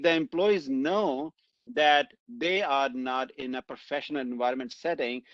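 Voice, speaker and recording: A man of middle pitch hosts a conversational interview. He talks in a relaxed, rambling way and leans on fillers. His voice sounds dull and lo-fi, with a dry, close feel. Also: no room sound. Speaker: podcast host.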